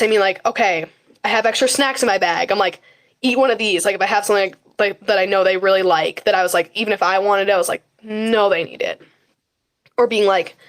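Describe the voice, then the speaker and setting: A teenage girl chats as a podcast guest, with a voice of ordinary pitch for a woman. She peppers her talk with fillers and acts out what she says to her teammates. The delivery is loose and conversational. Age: high school teen. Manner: chatty, frequent fillers and quoted self-talk. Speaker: guest, high school runner. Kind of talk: casual conversational interview.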